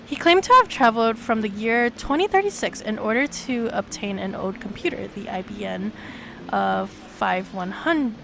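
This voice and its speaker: A woman streamer reading a visual novel aloud, with sudden excited leaps in her voice. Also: brisk, vocal fry, hardly any pauses, noisy background. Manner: animated reading with sudden high excited jumps.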